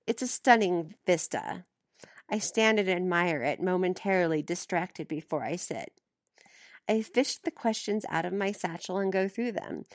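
A woman's voice: on the low side, no echo, clean studio sound. A woman reading a first-person novel aloud as an audiobook, giving the dialogue light voicing. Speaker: audiobook reader.

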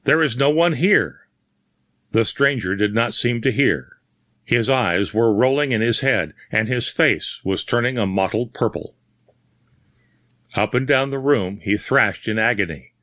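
A man narrating a horror story in a measured, dramatic reading. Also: fairly low pitch, fairly bright tone, dry recording, clean studio sound. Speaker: audiobook narrator. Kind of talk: scripted narration.

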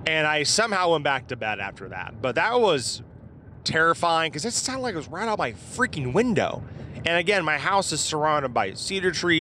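A man from southeast Iowa tells a personal encounter story casually and ramblingly, with fillers and the occasional curse. His voice is fairly high with big pitch swings, sharp in tone, at a normal speed, over slight background noise.

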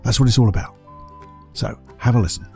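A man's voice: medium pitch, brisk, gravelly, dark tone, husky, faint music behind. A man hosting a solo podcast, talking conversationally and asking the listener rhetorical questions. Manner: conversational, asks rhetorical questions, briefly acts out other people's excuses. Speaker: podcast host.

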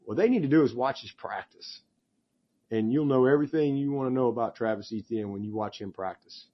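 A man's voice: mid-range voice, brisk, lo-fi sound. A man, a head football coach, answering press conference questions with enthusiasm, rambling and restarting his sentences.

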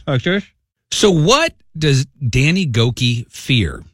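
A man's voice: medium pitch, slow, breathy edge, dry recording, clean studio sound. Playful male morning radio co-host. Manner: playful, teasing, lively.

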